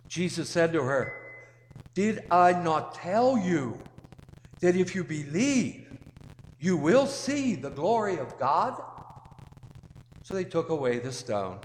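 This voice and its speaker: A man preaching as a priest, reading the gospel and giving a sermon slowly and deliberately, with emphatic rises. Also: on the high side, a little hiss or hum. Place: church. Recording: echoey church hall, long reverb.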